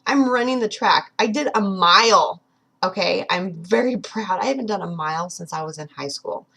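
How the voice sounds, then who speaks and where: Woman, thirties, husky voice, earnest vlog pep talk, speaks straight to the viewer. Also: mid-range voice, normal speed, fairly bright tone. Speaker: vlogger. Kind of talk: motivational personal vlog.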